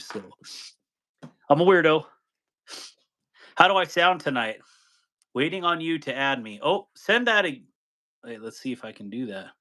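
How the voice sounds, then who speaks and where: A man's voice: medium pitch, pushed and bright. A man hosting a casual live stream, greeting viewers by name, chatting loosely and laughing easily.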